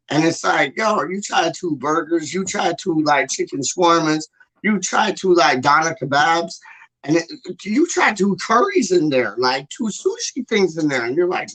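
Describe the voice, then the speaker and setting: A man chatting casually with an animated, slang-heavy way of talking and a lot of swearing. His voice sits a little higher than most men's. He acts out what people said as he goes. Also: normal speed. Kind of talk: casual chat.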